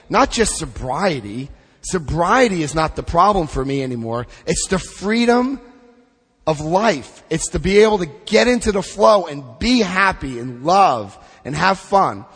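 A middle-aged man leading a recovery group through a book study, speaking with emphatic, drawn-out stresses and asking the room questions. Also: high-pitched, a bit bright, husky, big-room sound. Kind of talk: impassioned recovery talk to a group.

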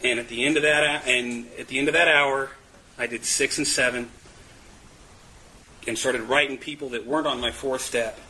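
A man's voice: medium pitch, fairly even intonation, normal speed, sharp tone, rough recording. A man sharing his recovery story in a candid, self-mocking way, often laughing and restarting his words. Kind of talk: personal testimony at a meeting.

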